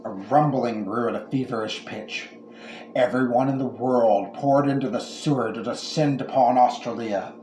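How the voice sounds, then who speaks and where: A man narrating a comic horror story in a dry, deadpan manner. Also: medium pitch, normal speed, slight background noise. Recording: echoey room with faint ambience.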